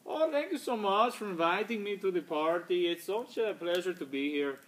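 A man's voice: high voice, animated, moderate pace, fairly bright tone, pitched above the performer's own voice. A man putting on a gushing foreign party guest. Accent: vague foreign accent of no fixed place. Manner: gushing, polite, hesitant. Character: overly polite male party guest.

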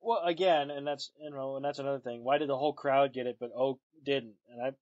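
A man co-hosting a podcast, trading dry, deadpan jokes and dropping casual swears. The sound is very dry with no room, and a little dull and lo-fi. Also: mid-range voice, brisk, no echo. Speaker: podcast co-host. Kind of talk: casual chat recapping an episode.

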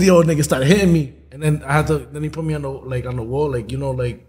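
A man's voice: on the high side, quick pace, few pauses, a little mellow. Slangy laid-back young guy telling stories. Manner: laid-back storytelling, slangy, laughs often. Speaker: podcast co-host. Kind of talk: casual chat.

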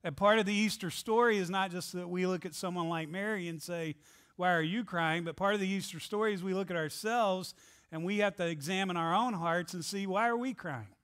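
A man's voice: a little high, fairly bright tone. A man pastor preaching an Easter sermon in a church, earnest and pressing his listeners with repeated rhetorical questions. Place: church sanctuary.

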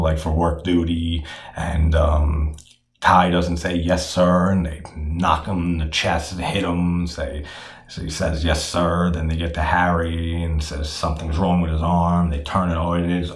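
Deep-voiced man in a roomy echo. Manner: frank and profane, with many fillers. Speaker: horror film reviewer. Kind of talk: casual film discussion.

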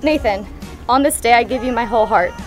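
A young bride in her twenties speaks her vows softly and sincerely. Her voice sits a little high for a woman. Faint music drifts behind her. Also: a little fast. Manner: soft and sincere.

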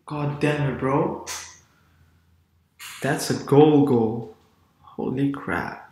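A man giving excited casual reaction commentary as a sports vlogger, exclaiming often. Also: medium pitch, very slow, reverberant.

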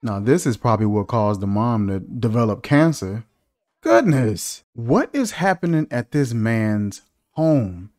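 Incredulous slow-talking man reacting to a movie. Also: medium pitch, big pitch swings, darkish tone. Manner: incredulous, joking, full of rhetorical questions. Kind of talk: casual movie reaction commentary.

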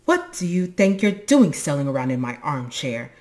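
A woman voicing a big male storybook creature, loud and indignant. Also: sits low, sing-song, normal speed.

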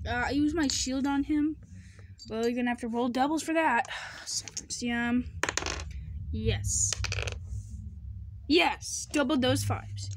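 A woman's voice: a little high, measured pace, pauses often, a little hiss or hum. A woman performing a goofy improvised toy skit, playfully switching between silly character voices.

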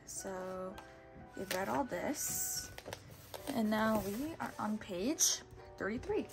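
A woman reading a children's storybook aloud in a steady, patient way, now and then correcting a word. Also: medium pitch, takes it slowly, over music. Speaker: storybook reader.

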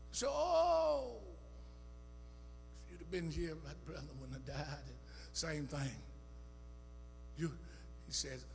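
Man, pastor preaching in a church, high bright tone, reverberant hall with faint organ music behind. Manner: preaching with rising calls and shouts, dropping low for scripture. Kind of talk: sermon. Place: church sanctuary.

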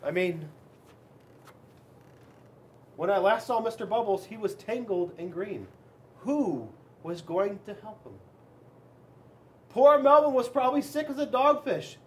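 A man, a police officer, reading a children's storybook aloud in an expressive, dramatic way with big swings in loudness. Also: sits high, unhurried, pauses often.

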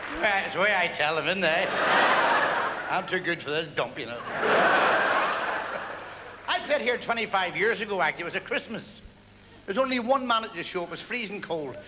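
A male stand-up comedian rattling off one-liners with pauses for punchlines, performing on a large theatre stage. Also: high voice, lively intonation, over a noisy crowd. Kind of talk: stage stand-up at a variety gala. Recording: archive theatre recording with long hall echo and hiss.

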